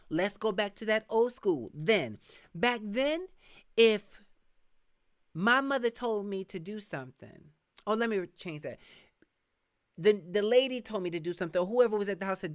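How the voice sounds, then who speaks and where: A middle-aged woman with a medium-pitched voice hosts a live podcast, speaking frankly and reading viewer comments. As she tells stories, she animatedly acts out quick voiced asides.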